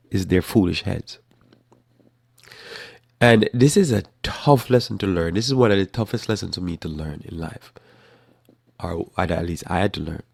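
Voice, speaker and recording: A man giving conversational Bible teaching on a live talk program, animated, acting out scenes with sudden loud bursts. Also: sits low, gravelly, no room sound, studio quality.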